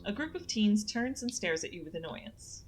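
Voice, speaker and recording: A young woman streamer reading a horror visual novel's narration aloud in a steady way. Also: medium pitch, moderate pace, music in the background, poor audio.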